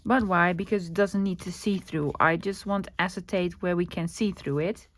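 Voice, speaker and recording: A woman's voice: on the low side, fairly even intonation, normal speed. A woman with a Dutch accent chatting casually while crafting at her desk, thinking aloud and answering her own questions. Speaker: crafting vlogger.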